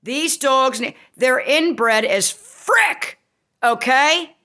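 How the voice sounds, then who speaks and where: A woman ranting angrily and emphatically to her audience, swearing freely and breaking into sudden shouts. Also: high-pitched, very slow. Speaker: vlogger. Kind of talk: angry rant to camera.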